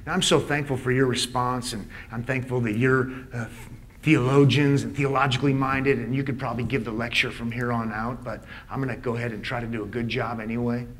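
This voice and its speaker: A man preaching a live conference sermon in a church, emphatic, with punchy repeated lines and rhetorical questions, swinging between hushed asides and loud exclaims. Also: medium pitch, steady tone, a little fast, a little hiss or hum. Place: church sanctuary before a live audience.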